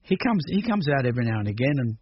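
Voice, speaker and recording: A man's voice: mid-range voice, sing-song, fast, breathy edge, no room sound. An older man from Australia, talking through his music career in a rambling, hesitant radio interview full of restarts. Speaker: musician guest. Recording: dull radio recording with faint noise.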